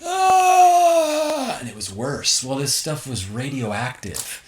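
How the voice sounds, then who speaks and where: A man's voice: mid-range voice, a little slow, bright, forceful tone. A middle-aged man telling a personal story in a casual interview, acting out scenes with gasps and exclamations. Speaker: guest. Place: tipi. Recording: roomy echo, faint noise.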